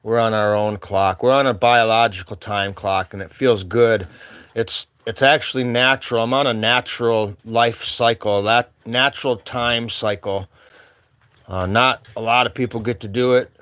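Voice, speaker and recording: A man's voice: medium pitch, fairly even intonation, moderate pace, fairly bright tone, smooth, no echo. A man vlogging casually from his cabin with a rambling, wry manner and an Upper Midwest American accent. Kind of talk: casual chat. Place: remote cabin.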